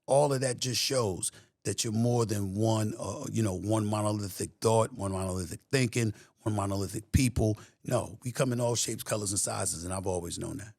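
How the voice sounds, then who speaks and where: A man's voice: lowish voice, normal speed, gravelly, darkish tone, dry recording, clean studio sound. A middle-aged man with a New York accent, a guest talking in an emphatic, streetwise way in a casual interview. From New York City.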